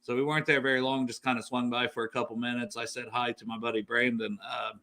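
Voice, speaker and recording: Bright-voiced man telling rambling fan stories. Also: mid-range voice, level tone, quick pace. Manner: rambling storyteller, many fillers and laughs. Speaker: podcast co-host. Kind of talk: casual sports podcast chat.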